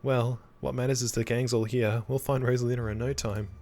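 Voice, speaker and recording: A man's voice: mid-range voice, flat delivery, fairly quick, mellow, natural voice. A man voicing a wry, laid-back young woman who hunts ghosts and jokes about the dead. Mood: teasing. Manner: teasing, joking.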